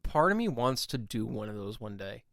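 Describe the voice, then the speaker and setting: A man's voice: mid-range voice, very animated, moderate pace, creaky, over a noisy crowd. A young man co-hosting a casual podcast chat, teasing his friend and acting out imagined voices in asides. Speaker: podcast co-host.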